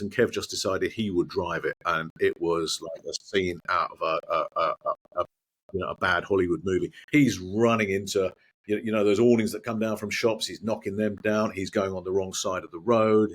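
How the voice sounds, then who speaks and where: Chatty low-voiced man telling stories. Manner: animated, chatty, swears mildly, frequent restarts. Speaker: guest, former sports broadcaster. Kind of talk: anecdotal storytelling in conversation.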